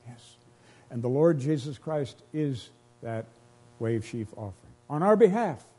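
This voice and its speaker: Man preaching a sermon, husky, mellow, earnest and emotional, repeats his phrases. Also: mid-range voice, lively intonation, a little slow. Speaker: pastor.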